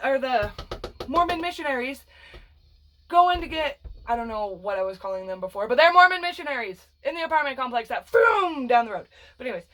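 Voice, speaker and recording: A woman with a high voice tells a personal story to her viewers in a loose, dramatic vlog style. She rambles, swears freely, and laughs her way through the telling. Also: fairly bright tone. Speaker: vlogger.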